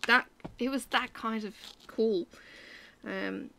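Taking it slowly with fairly even intonation, a woman from Ireland with a fairly high, creaky, sharp-toned voice stitches and tells meandering stories for her crafting vlog. She chats with lots of fillers, and there's a little hiss or hum.

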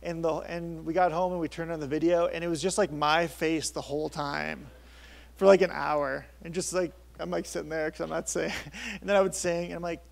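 A man's voice: a little high, steady tone, fairly quick, gravelly. A man in his thirties, a pastor with a tenor voice, preaching a sermon in a casual, conversational way at a church service.

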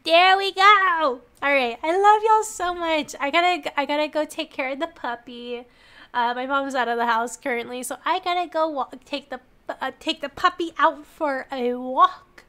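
High-voiced, dramatic woman streamer. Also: moderate pace, pushed and bright. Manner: profane, dramatic and stammering. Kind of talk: live game stream commentary.

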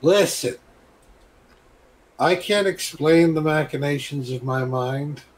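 A man's voice: on the high side, slow pace, poor audio. A man in a casual group chat, dry and matter-of-fact.

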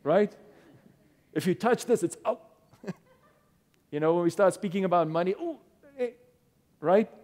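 High-voiced pastor preaching in a reverberant hall. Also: male voice, a little slow, pauses often, a little mellow. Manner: earnest preaching with repeated restarts. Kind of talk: sermon. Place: church.

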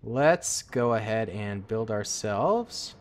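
A man giving casual, excitable, slangy commentary while playing a strategy game, talking to himself and his viewers. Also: lowish voice, slow. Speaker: gaming commentator. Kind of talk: casual let's-play commentary.

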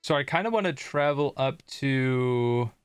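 A man's voice: mid-range voice, lively intonation, a little slow, clear, resonant tone, dry recording, clean studio sound. A young man casually commenting on his gameplay as a streamer, chatting and joking with viewers. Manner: chatty, jokey, reads chat aloud.

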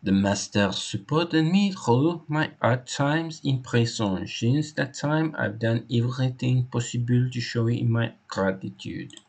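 A man reading as a gravelly, devoted male butler. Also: mid-range voice, unhurried, hardly any pauses, a little mellow, pitched above the performer's own voice. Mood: earnest. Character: devoted male butler, former convict, loyal.

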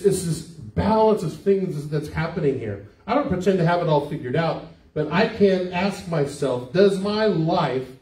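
An older man delivers a sermon in a warm, mellow voice that sits a little high. He keeps it conversational and keeps turning questions back to the congregation. The sound is roomy and distant, as if picked up from well back in a church hall. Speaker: pastor. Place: church sanctuary. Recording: echoey church hall, mic from far off.

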